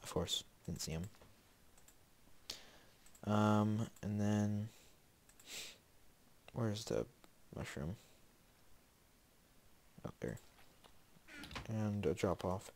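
Low-voiced man rambling through gameplay. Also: drawn-out words, long pauses, darkish tone. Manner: rambling, filler-heavy, talking to himself. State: sniffly with a slight cold. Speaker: Let's Play host. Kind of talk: casual gameplay commentary.

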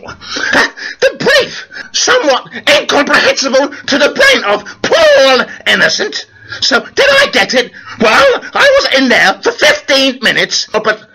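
A man's voice: very high voice, sharp tone, breathy edge, low-quality recording. A man delivering a theatrical comic monologue as an actor vlogger, over-the-top and sing-song, laughing as he talks. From London.

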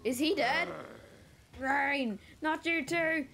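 A woman's voice: high-pitched, slow pace, bright, forceful tone. A woman giving casual let's-play commentary, playfully reading game dialogue aloud with dramatic reactions. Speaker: gamer. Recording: game music behind.

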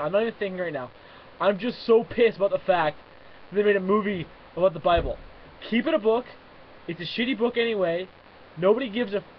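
Young man, high voice, furious cursing rant, lo-fi webcam sound, faint hiss. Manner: swears constantly, shifts between fuming shouts and muttering. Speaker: vlogger. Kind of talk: angry rant to camera.

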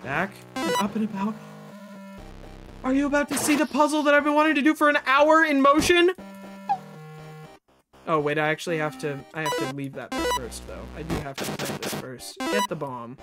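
A frustrated livestreamer talks through a game at home, cursing often and chatting to viewers. Low muttering breaks into sudden loud outbursts. Background music plays clearly behind the voice, which sits at a middle pitch. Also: lively intonation, normal speed. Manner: frustrated, swears a lot, talks to self and chat. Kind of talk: live gameplay commentary.

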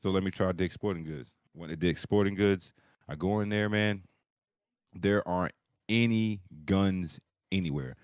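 Over a video call, a man co-hosting a podcast tells a long, rambling, profane story in casual chat, animated throughout. His voice sits low and sounds clear and resonant at normal speed, with no echo.

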